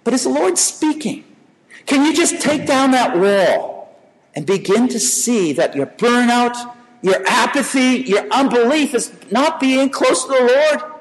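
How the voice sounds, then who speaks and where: A man's voice: extremely high pitch, animated, unhurried. A man preaching a sermon in a conversational way, often restarting and repeating words. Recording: reverberant hall.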